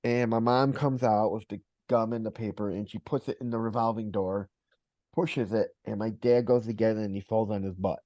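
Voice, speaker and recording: A man's voice: fairly low pitch, steady tone, normal speed, warm tone, no echo. A man hosting a podcast interview, talking casually and retelling a personal story with quoted voices. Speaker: podcast host.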